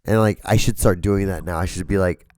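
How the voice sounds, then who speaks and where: Hoarse young man rambling. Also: low-pitched, fairly even intonation, a little fast, darkish tone, dry recording, studio quality. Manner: rambling, filler-heavy, slight upspeak. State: hoarse, sore voice. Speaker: podcast host. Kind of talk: casual solo rambling. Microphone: camera mic, solo filming.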